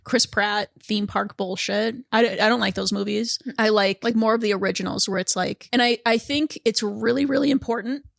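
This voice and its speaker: Gravelly-voiced woman podcast co-host, chatty. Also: medium pitch, fairly even intonation, normal speed, hardly any pauses, no room sound, studio quality. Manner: chatty, lots of "like" fillers, laughs often, swears casually. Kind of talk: casual chat.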